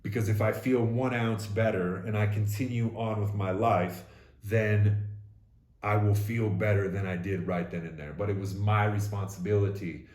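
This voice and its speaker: A man's voice: on the low side, fairly even intonation, moderate pace, darkish tone, roomy sound. A man telling his own story candidly and bluntly, with frequent swearing, in a casual conversation. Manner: raw, blunt, swears freely. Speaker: podcast co-host sharing his story.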